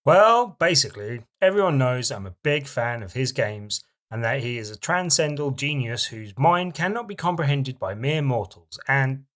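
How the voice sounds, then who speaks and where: A man's voice: medium pitch, animated, normal speed, few pauses, a bit bright. A man co-hosting a podcast, in mock-earnest comedic role-play banter. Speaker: podcast co-host.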